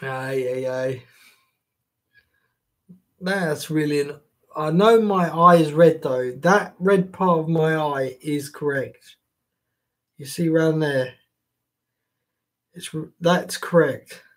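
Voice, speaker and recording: Guy live streaming, chill jokey chat, swears a lot, talks slow. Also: on the high side. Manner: chatty and jokey, swears casually.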